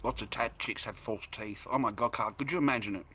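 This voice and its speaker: Chatty Australian man, bright voice. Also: lowish voice, brisk, a little hiss or hum. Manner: rambling, chatty, laughs easily. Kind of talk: casual chat to camera.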